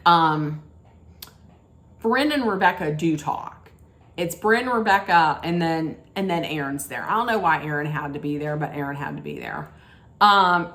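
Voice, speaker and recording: A woman's voice: lowish voice, a bit bright. A woman hosting a casual reality TV recap, ranting emphatically with disapproving "mm-mm"s and restarts. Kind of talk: casual opinionated recap rant.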